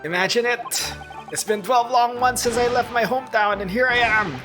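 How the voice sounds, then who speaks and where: A man voicing an excitable young male scholar who speaks in grand, alliterative outbursts, over game music. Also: medium pitch, normal speed, lightly acted. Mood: gushing. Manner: theatrical, grandly wordy.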